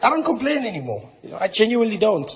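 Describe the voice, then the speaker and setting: A man performing stand-up in a large live venue, lively and loud in bursts. His voice sits high for a man. Clear crowd noise runs under the stage recording. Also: fast. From South Africa. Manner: animated, shifting between shouts and mutters. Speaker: stand-up comedian. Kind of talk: stand-up comedy set.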